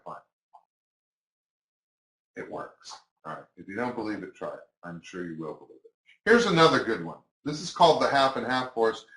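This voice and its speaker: Male magic instructor, casual and chatty, mid pitch, echoey room. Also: fairly bright tone. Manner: casual, chatty, acts out patter to spectators. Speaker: magic teacher. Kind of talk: instructional talk to camera.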